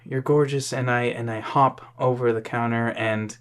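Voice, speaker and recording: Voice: medium pitch, steady tone, clear, resonant tone. A tipsy podcast co-host who reads posts aloud and teases their partner with dry remarks. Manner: slow, drawn-out reading, dry teasing. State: tipsy from drinking. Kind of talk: casual reading and banter.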